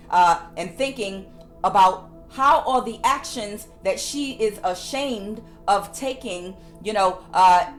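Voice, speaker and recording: A woman tarot reader giving a casual spiritual reading, repeating her phrases for emphasis. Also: a little high.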